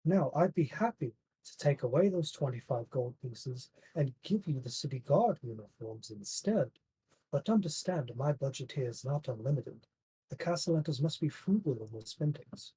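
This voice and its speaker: A man's voice: mid-range voice, lively intonation, moderate pace, dark tone, slightly rough, rough recording. A man narrating as game master, voicing the townsfolk with "he says" and "she says" before each line. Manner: plays the merchant and innkeeper voices with "he says".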